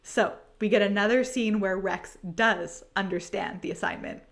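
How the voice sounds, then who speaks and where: A woman's voice: mid-range voice, steady tone, normal speed, gravelly. A woman host reading a playful story aloud and commenting on it, giggling often. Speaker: podcast host.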